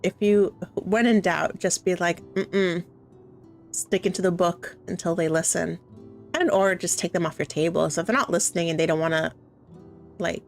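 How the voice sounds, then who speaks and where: A woman's voice: lowish voice, gravelly. A young woman from Canada chatting cheerfully on a live stream, laughing often as she talks with her viewers. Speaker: streamer and game host. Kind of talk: casual live-stream chat.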